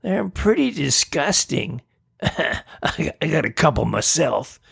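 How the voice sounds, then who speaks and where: A cheeky horned ink-blot monster, played by a man reading a storybook talks in a gruff, chummy way. The voice is gravelly and husky, pitched a little above the narrator's own. He speaks casually and without hurry. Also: big pitch swings, slow pace, fairly bright tone, dry recording, studio quality, full character voice.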